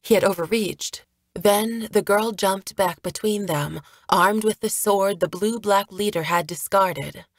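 A woman narrating an audiobook chapter, reading a fast action scene in a steady storytelling manner. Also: medium pitch, no room sound. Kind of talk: scripted narration.

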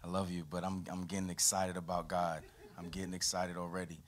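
A man, a pastor preaching a lively sermon to his congregation, his voice rising and falling from loud to quiet. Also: brisk. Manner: animated preaching with sweeping pitch and volume. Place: church.

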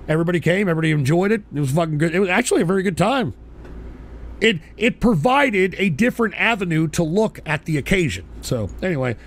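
A man hosting an internet radio show, delivering a profane, combative live rant. He keeps adding insistent tag questions and breaks into sudden shouted outbursts. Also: high-pitched, lively intonation, quick pace. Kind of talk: live-streamed ranting monologue.

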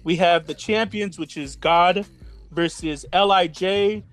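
A man co-hosting a wrestling podcast, talking in a casual, profane, excitable and joking way. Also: sits high, slow pace. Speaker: podcast co-host. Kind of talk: casual chat.

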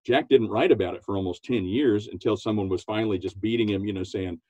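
A man's voice: fast, highs cut off, slight background noise. A man, a business coach, talking enthusiastically as a podcast guest, laughing often and acting out quotes. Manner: animated, laughs often, acts out quotes in a high voice. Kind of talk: enthusiastic interview talk.

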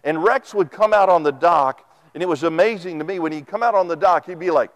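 A man delivering a sermon in a church, speaking into a microphone. His voice sits high for a man and moves animatedly. The delivery is folksy, full of stories and acted-out quotes. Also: a little fast. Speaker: preacher. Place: church sanctuary.

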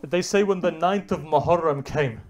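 A man's voice: fairly high pitch, normal speed, crowd noise. A man delivering a Muharram sermon, retelling a story with rising and falling emotional intensity. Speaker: religious speaker.

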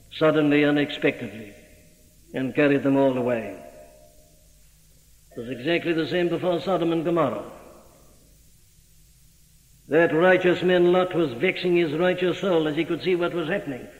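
A man's voice: on the high side, normal speed, long pauses. Male preacher, emphatic pulpit style, long church reverb on a dull old recording. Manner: emphatic, rhetorical questions to the listener. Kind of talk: sermon.

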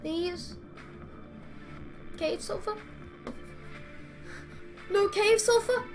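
A woman's voice: very high voice, very slow, soft background music. A woman commenting as she plays a game, chatty and exasperated, talking to the creatures on screen. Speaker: gamer. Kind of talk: playing commentary.

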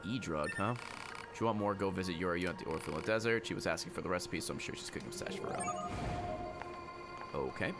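A man's voice: low-pitched, fairly quick, pauses often, music in the background. A man streaming a game, joking around and swearing while he reads game text aloud. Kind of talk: casual gameplay commentary.

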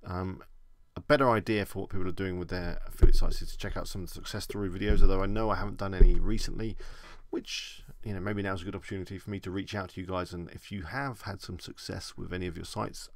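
A man's voice: low voice, fairly even intonation, fast talker, few pauses, no echo. A man with an English accent, chatting casually as he answers viewer questions on a live stream.

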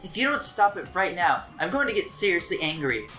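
A man's voice: sits high, very animated, fairly quick, bright, forceful tone, soft background music, voice pushed up, heavily acted. Man doing bossy scolding schoolgirl. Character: bossy young female classmate, scolding.

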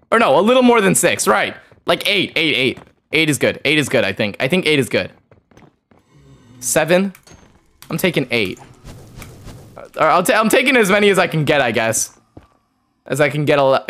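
A male streamer giving live commentary on his own gameplay. His voice swings widely in pitch as he reacts. He mutters, repeats phrases over and over, and swears freely while he plays. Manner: excitable, talks to himself, repeats words, swears. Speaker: gaming streamer.

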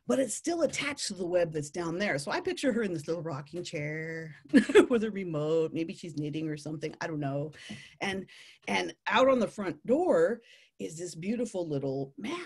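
A woman telling a playful nature story to families, animated and laughing often. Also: lowish voice, normal speed, breathy edge.

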